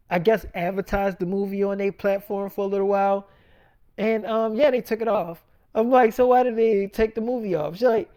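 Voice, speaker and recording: A man's voice: high-pitched, a little mellow, dry recording. A man spinning a long, loose, made-up story about his weekend. He swears casually and acts out both sides of each exchange. His voice is close and dry, with no room sound. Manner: casual and profane, quoting himself and others with "I'm like, she's like". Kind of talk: rambling made-up story, acting out both sides of phone calls.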